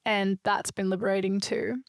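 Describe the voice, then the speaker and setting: A woman's voice: medium pitch, flat delivery, normal speed, no room sound, clean studio sound. A woman hosting a solo podcast, talking in an earnest, emphatic, reflective way. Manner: earnest, emphatic and spiritual, with a few loose swears. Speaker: podcast host.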